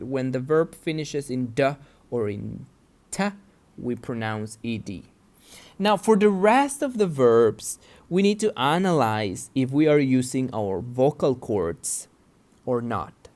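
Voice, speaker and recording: A man's voice: medium pitch, a little mellow. A man teaching an English pronunciation lesson, patiently explaining and checking that his students follow along. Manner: patient, checks understanding with "yeah?".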